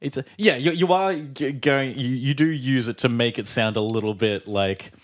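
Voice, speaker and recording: A man's voice: medium pitch, moderate pace. A man co-hosting a casual podcast, rambling with lots of fillers and repeated words, joking along. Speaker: podcast co-host. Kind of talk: casual chat.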